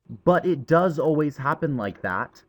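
A man's voice: a little high, lively intonation, unhurried, voice pushed up. A man reading an audiobook voices an impatient, thoughtful schoolboy. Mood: grumbling. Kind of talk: audiobook character voice.

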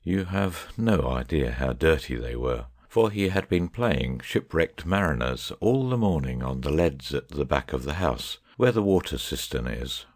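A man narrating an audiobook chapter in a measured, even way. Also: a bass voice.

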